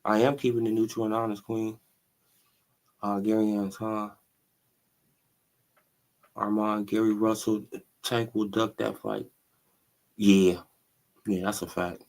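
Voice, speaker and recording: A man's voice: lowish voice, flat delivery, takes it slowly, pauses often, a little mellow. A man hosting a casual boxing commentary stream, talking animatedly in slang, laughing often and tossing in "right?" and "bro". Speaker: boxing commentary channel host.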